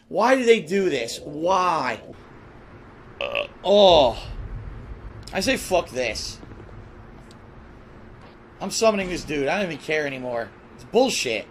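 A man's voice: high voice, a bit bright, slight background noise. A man giving live gameplay commentary, ranting with profane frustration and heavy sarcasm. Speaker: gaming streamer.

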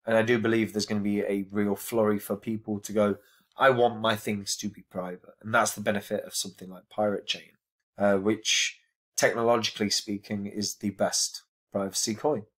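Earnest, emphatic low-voiced man. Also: little pitch movement, fairly quick. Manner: earnest, emphatic, repeats phrases for stress. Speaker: crypto reviewer. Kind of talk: casual video review.

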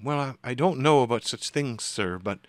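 A man's voice: mid-range voice, lively intonation, moderate pace, no echo, voice pushed up, close to an everyday voice. A man putting on a timid young female spirit. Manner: hesitant and deferential, says sir.

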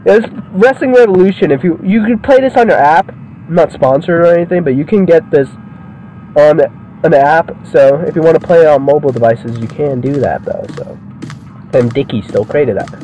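A man's voice: a little high, moderate pace, mellow, a little hiss or hum, low-quality recording. A man giving casual, rambling, profanity-filled commentary while playing a wrestling game. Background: game music.

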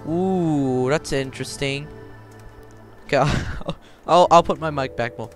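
A man playing a voice-controlled game and talking to his viewers in a chatty, confused way, now and then breaking into loud high yells, with his mic held close to his mouth. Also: slow, soft background music. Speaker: gaming YouTuber. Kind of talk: casual let's play commentary. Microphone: handheld mic held close to the mouth.

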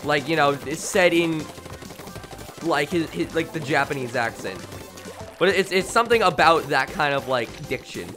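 A man streaming a video game late at night, tired and rambling, with sudden bursts of shouting. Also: fairly high pitch, animated, moderate pace, music in the background. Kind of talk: live gameplay commentary.

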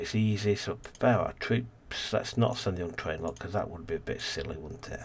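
Husky-voiced man thinking aloud while gaming. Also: deep voice, normal speed. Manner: rambling, thinking aloud, trails off. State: yawning, tired. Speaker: let's play host. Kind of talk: casual gameplay commentary.

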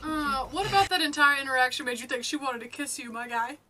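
A woman's voice: high-pitched, quick pace, sharp tone, soft background music. A woman hosting a casual reaction commentary, chatting and exclaiming at the screen. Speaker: host.

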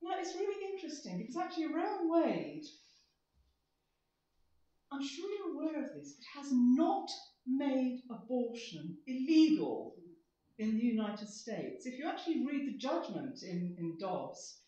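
Animated woman preaching in an echoing church. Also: high-pitched, unhurried. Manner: animated, dramatic emphasis, acts out quotes. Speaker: guest speaker. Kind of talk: church talk. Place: church hall. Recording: distant roomy church hall, slightly dull.

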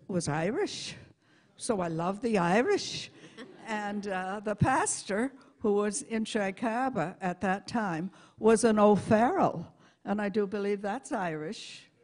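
An older woman giving a personal testimony in church, folksy and heartfelt, with halting restarts. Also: medium pitch, a little mellow.

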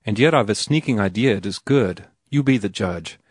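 A man playing a headstrong young writer in an audiobook, speaking in a low voice with blunt insistence. The sound is close and dry, with no echo behind it. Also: lively intonation, normal speed, husky. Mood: excited. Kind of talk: audiobook character reading.

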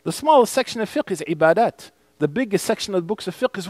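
A man's voice: high voice, animated, quick pace, darkish tone, no echo. A man teaching a mosque class as imam. He explains a hadith text in English and recites the Arabic passages.

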